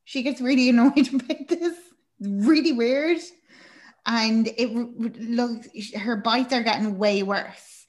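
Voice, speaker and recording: A woman's voice: a little high, takes it slowly, darkish tone. A woman casually recapping a film, chatty and rambling, with fillers and swearing.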